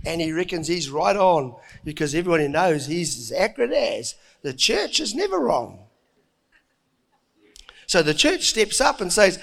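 A middle-aged man preaching a sermon, telling the story with lively acted-out voices and frequent chuckles. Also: high voice, a little slow, vocal fry, long pauses. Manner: animated storytelling, acting out voices, chuckling often.

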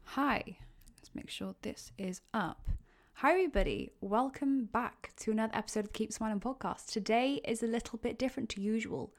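A woman's voice: a little high, brisk. A young Welsh woman hosting her own podcast, talking through a casual solo Q and A in a chatty, rambling way and correcting herself as she goes, into a podcast microphone. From Wales. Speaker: podcast host.

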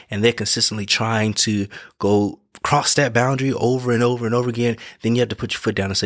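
A man's voice: medium pitch, steady tone, quick pace, few pauses, a bit bright, dry recording, clean studio sound. A man giving casual motivational advice in an earnest way, repeating his points, correcting himself and checking in with the listener. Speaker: vlogger giving life advice.

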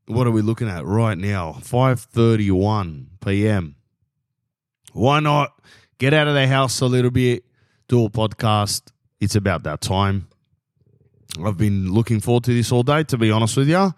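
A man's voice: medium pitch, no room sound. Australian man, 30s, solo podcast host; loose, joking ramble, dry close recording. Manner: rambling, jokey, keeps saying "bro". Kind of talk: casual solo podcast monologue.

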